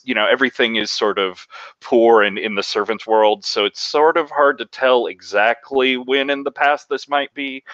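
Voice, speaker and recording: Low-voiced, hesitant player narrating. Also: male voice, sharp tone, no echo, lo-fi sound. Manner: hesitant, lots of fillers. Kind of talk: narrating a scene in a tabletop game.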